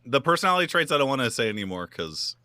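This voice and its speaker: A man's voice: medium pitch, very animated, racing, pushed and bright, no room sound. A man playing in a tabletop game, joking as he reads out his character's traits. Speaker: player. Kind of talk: casual tabletop game chat.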